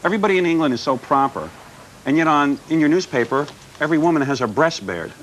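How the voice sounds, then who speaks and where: An American man, a radio host guesting on a TV studio show, brash and needling with deadpan provocations. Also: a little high, fast, noisy background. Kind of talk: provocative talk show banter.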